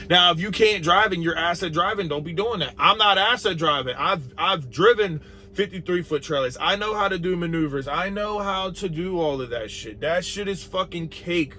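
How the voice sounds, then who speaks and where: A man's voice: sits high, moderate pace, hardly any pauses, bright, forceful tone, slight background noise. A young adult man, a truck driver, talking bluntly and profanely in a casual vlog monologue.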